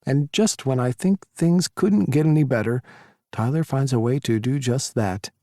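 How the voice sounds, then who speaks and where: Gravelly male audiobook narrator, dry sound. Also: mid-range voice, moderate pace, dark tone, no echo. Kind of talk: first-person romance audiobook narration.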